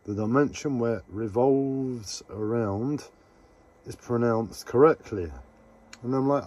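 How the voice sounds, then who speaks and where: A man live streaming a rambling, casual monologue to his viewers, halting often and talking to himself. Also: mid-range voice, a little mellow. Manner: meandering, halting, talks to himself.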